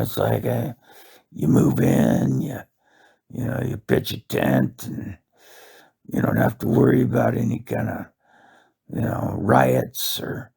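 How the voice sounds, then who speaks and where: A man's voice: extremely low pitch, vocal fry, warm tone, husky. A man delivering a rambling comic monologue, meandering and profane, with many fillers. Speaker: monologue host.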